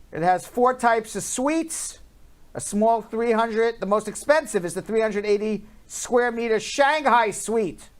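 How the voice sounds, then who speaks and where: Chatty male talk show host. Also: extremely high pitch. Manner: chatty, jokey, drawls out numbers. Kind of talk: casual news chat.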